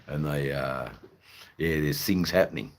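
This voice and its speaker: A man's voice: extremely low pitch, measured pace. An Australian man hosting a live stream, chatting in a rambling, hesitant way with lots of fillers and restarts and some blunt swearing. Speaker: livestream host.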